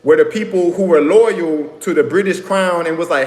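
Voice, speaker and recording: A man's voice: a little high, normal speed, few pauses. A man talking straight to viewers in a rambling, lecturing way, often checking in with "right?" and "you know what I'm saying". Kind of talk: casual monologue to viewers. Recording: echoey room with long reverb.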